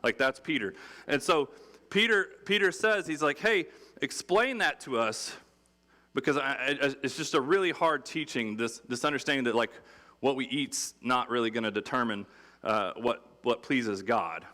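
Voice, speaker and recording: A man preaching a sermon in a relaxed, conversational and humorous way, acting out quotes. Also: mid-range voice, moderate pace. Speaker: pastor. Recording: long hall reverb.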